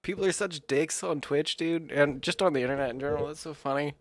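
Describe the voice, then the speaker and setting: A man's voice: a little high, fast talker. A man co-hosting a podcast in casual chat, laid-back and swearing casually. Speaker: podcast co-host.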